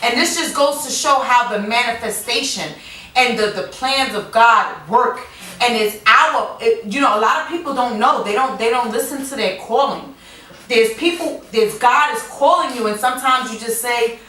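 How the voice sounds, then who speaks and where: A woman radio host with a slightly high voice talks effusively about faith, tripping over words and circling back. Her voice sits a little off-mic in a roomy space, with faint ambience behind it. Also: normal speed, sharp tone, recorded from a distance. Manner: effusive, jokey, stumbles and repeats words. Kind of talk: emotional, faith-filled talk.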